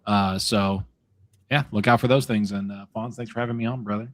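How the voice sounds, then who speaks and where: A man's voice: on the low side, steady tone, brisk. A man on a gaming podcast as a guest, blunt and brash, swearing freely. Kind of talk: casual gaming podcast chat.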